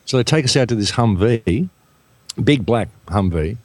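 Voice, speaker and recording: A man's voice: lowish voice, normal speed, dry recording. An Australian man telling a story as a radio guest, acting out what people said. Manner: animated storyteller acting out quotes.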